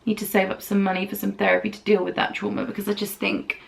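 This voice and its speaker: Chatty British woman with a gravelly edge. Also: medium pitch, flat delivery, quick pace. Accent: British English. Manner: chatty, candid, rambling storytelling. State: recovering from a dental procedure. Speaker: beauty vlogger. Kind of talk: casual chat while doing makeup.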